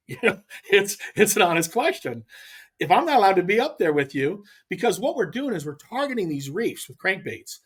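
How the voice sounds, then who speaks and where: A middle-aged man from California, a podcast guest telling a fishing story in a casual, animated way with frequent restarts. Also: sits high, normal speed, husky. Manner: animated, acts out others' lines, frequent restarts. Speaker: podcast guest, pro angler.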